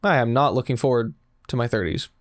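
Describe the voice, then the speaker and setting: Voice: mid-range voice, quick pace, dry recording, clean studio sound. A young adult in their twenties reading online stories aloud and breaking off for sarcastic asides. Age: 20s. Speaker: storytelling channel host.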